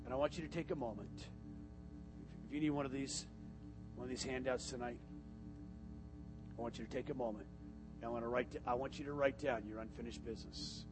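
A man preaching in a church sanctuary, his voice dropping low and steady for instructions, then rising to loud, ringing declarations. Music plays clearly behind him throughout. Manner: swings from quiet instruction to shouted climax. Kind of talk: sermon with altar call.

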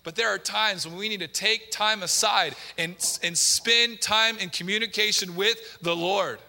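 A male pastor in full sermon mode, preaching with emphasis and repetition and firing questions at the congregation. His voice sits high and sounds very bright and forceful. Long church reverb trails behind every phrase. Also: fairly even intonation, a little slow, creaky. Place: church sanctuary.

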